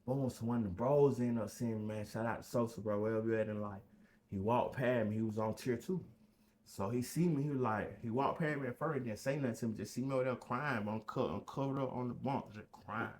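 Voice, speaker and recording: A young man telling a story casually on a podcast, acting out voices with sudden loud high bursts. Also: fairly quick.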